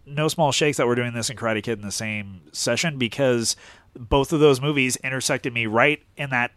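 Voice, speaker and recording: A man in his forties chatting on a movie commentary podcast, telling rambling, animated stories with frequent restarts. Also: medium pitch, moderate pace, dry recording. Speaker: podcast co-host. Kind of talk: casual movie commentary chat.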